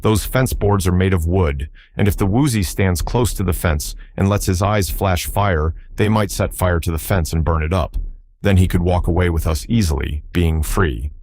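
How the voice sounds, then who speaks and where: A man's voice: low-pitched, normal speed, darkish tone, slight background noise, natural voice. A man doing a cheeky patchwork girl. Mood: playful. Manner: playful, gleeful.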